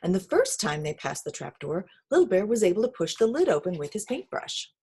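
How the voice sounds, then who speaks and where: A woman reads a children's picture book aloud, her voice rising and falling in a lively, sing-song way. There is a soft breathiness to her tone. She pauses to point things out as she goes. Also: medium pitch, breathy edge. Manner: expressive, sing-song storytelling. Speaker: reader.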